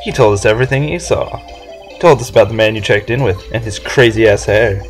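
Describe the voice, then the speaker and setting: A man voicing an earnest young male defense lawyer, firm, slow and deliberate. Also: on the low side, soft background music, lightly acted.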